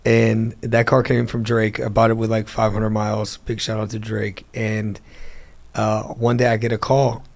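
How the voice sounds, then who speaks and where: Man, gravelly voice, fairly flat pitch; a guest telling stories in a laid-back interview. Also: normal speed. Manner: animated storyteller acting out phone calls. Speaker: interview guest, car dealer. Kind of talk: storytelling in a casual interview.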